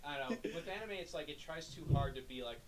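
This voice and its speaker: A man's voice: a little high, animated, quick pace. A young man chatting with a friend on a stream, mocking things by mimicking over-the-top voices. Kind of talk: casual chat. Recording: distant mic with faint noise.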